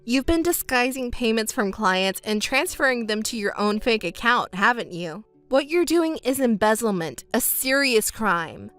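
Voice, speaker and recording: A woman reading as a betrayed wife in a texting story, scornful, sharp and mocking. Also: a little high, animated, normal speed, few pauses, faint music behind. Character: betrayed wife, adult woman, cold and cutting.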